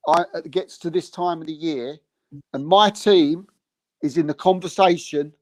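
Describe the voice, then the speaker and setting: A man co-hosting a casual football podcast, his voice sitting a little high. He talks in an animated way and mimics fans he disagrees with. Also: unhurried. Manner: animated, mocks other fans in put-on voices. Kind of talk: casual chat.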